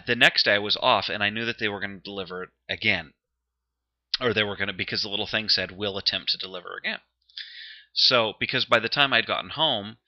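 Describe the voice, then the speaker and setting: A man co-hosting a casual chat show, telling a story, laughing often and getting defensive when teased. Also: fairly low pitch. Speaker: podcast co-host. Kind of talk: casual banter. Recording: dull lo-fi sound.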